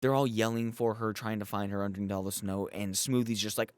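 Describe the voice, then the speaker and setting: A man's voice: on the low side, normal speed, dry recording. A man giving a casual, rambling episode recap as a YouTube reviewer, swearing often and filling with "like". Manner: profane, rambling, full of "like" fillers.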